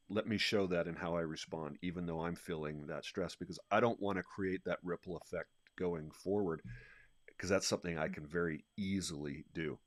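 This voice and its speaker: A man who is a leadership coach, talking in an energetic, animated way and restarting his sentences often. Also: low-pitched, no echo, clean studio sound. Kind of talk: conversational podcast discussion.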